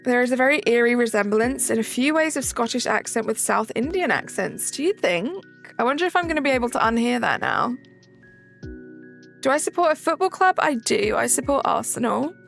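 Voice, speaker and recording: A woman's voice: a little high, expressive, a little fast, vocal fry, a bit bright, soft background music. A young woman streaming a game, chatting casually and answering chat messages aloud.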